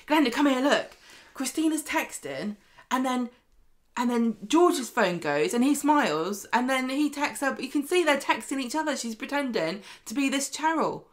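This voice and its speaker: A woman with a British accent, co-hosting a podcast in casual chat, retelling episodes and acting out lines with animation. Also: fairly high pitch. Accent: British English. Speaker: podcast co-host. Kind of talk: casual chat recapping a soap.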